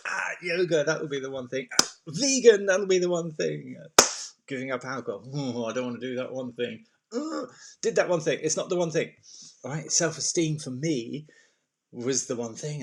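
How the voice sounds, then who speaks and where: A man talks straight to camera as a self-esteem coach. His delivery is chatty and animated, full of asides and playful put-on voices. His voice sits at an ordinary middle pitch. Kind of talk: casual talk to camera.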